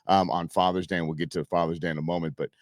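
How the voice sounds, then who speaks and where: A man's voice: deep voice, little pitch movement, racing, dry recording, clean studio sound. A man hosting an outdoors talk show, chatting casually and rambling with fillers and restarts. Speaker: radio show host.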